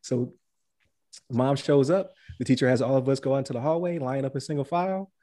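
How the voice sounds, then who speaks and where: A man's voice: mid-range voice, a little fast, mellow. A man in his forties, a podcast co-host, telling a story in casual chat and laughing as he goes.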